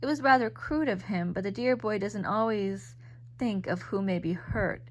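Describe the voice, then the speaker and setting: A woman reading aloud voices a popular teenage schoolgirl, lively and a little higher than her reading voice. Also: moderate pace, close to an everyday voice. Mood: sorry. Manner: bright, lively and gushing.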